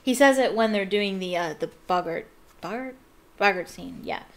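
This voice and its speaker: A woman's voice: mid-range voice, moderate pace, fairly bright tone. A woman hosting a casual read-aloud, chatting in rambling, giggly asides. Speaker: reader and host.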